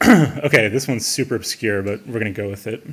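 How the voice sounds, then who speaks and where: A man's voice: lowish voice, fairly quick, fairly bright tone, husky. A man co-hosting a podcast, reading out pun clues in a casual chat and laughing at his own jokes. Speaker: podcast co-host posing quiz clues.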